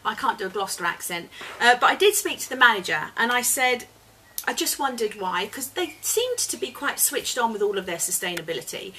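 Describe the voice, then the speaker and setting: A woman's voice: a little high, big pitch swings, fairly quick, pushed and bright, a little hiss or hum, poor audio. A woman guest chatting earnestly as an eco campaigner, laughing often, recorded at a home dining table. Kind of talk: casual chat. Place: home dining room, indoors.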